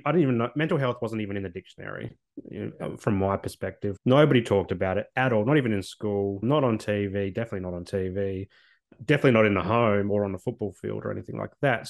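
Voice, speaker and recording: An Australian man in his thirties, a guest telling his own story candidly and earnestly, with loose speech and frequent restarts. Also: on the low side. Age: 30s.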